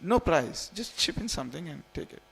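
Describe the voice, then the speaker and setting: The voice is a little high and a little fast, swinging widely in pitch, with vocal fry, some brightness and a breathy edge. A man in his forties from India leads a lighthearted scripture class in a temple hall, repeating phrases and coaxing his listeners.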